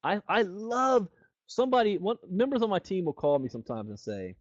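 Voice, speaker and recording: A man's voice: sits high, brisk, no echo. A middle-aged man giving a motivational network marketing training, telling stories and acting out the people he quotes. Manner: animated storyteller who acts out the quoted people. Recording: dull, dry lo-fi recording.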